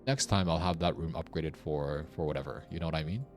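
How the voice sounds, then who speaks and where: A man's voice: a bass voice, fairly quick, faint music behind. A young man streaming a puzzle game, thinking aloud as he works through its clues. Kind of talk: casual gameplay commentary.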